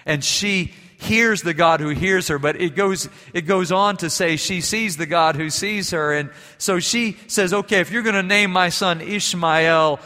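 Pastor preaching in a reverberant hall. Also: male voice, high-pitched, measured pace, few pauses. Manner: storytelling, varies between quiet and emphatic. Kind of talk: sermon.

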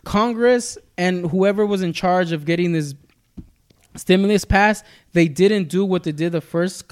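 A man with a notably high speaking voice co-hosts a podcast. He talks loosely and swears freely, and he laughs between his lines. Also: a little slow. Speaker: podcast co-host. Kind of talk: casual chat.

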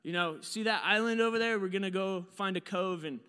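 A man voicing a bossy older male sailor uncle who barks and yells. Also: sits high, fairly quick, smooth, big-room sound. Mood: urgent. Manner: barking, yelling.

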